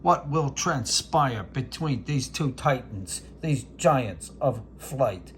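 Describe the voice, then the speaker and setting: A man voicing a veteran male sportscaster doing bombastic, drawn-out ringside play-by-play over a mock bout. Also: mid-range voice, animated, a little hiss or hum. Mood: grandiose.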